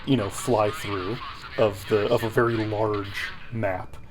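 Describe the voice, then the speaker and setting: A man's voice: fairly low pitch, flat delivery, slow pace. A man casually explaining how he made his video, with rambling, self-deprecating remarks. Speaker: video creator giving commentary. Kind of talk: casual commentary chat.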